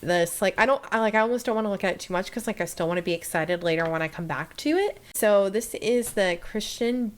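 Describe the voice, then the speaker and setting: A young woman vlogging as she unboxes and reacts, excited and chatty, with "like" in nearly every phrase. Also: mid-range voice, a little fast, few pauses. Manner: excited, chatty, full of "like" fillers.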